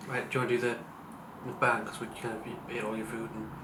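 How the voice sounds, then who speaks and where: A young British man chatting casually with his partner, hesitant and relaxed. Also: medium pitch, fast, noisy background. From United Kingdom. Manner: hesitant, relaxed, short replies. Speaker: partner of the vlogger. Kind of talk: casual chat. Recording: roomy sound from a distant mic.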